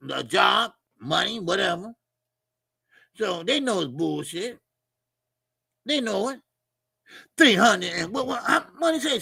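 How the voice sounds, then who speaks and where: Loud, gravelly man ranting about boxing. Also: high-pitched, no room sound, clean studio sound. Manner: animated, shouting rants, profane, laughing. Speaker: boxing commentary channel host. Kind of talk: loud casual commentary.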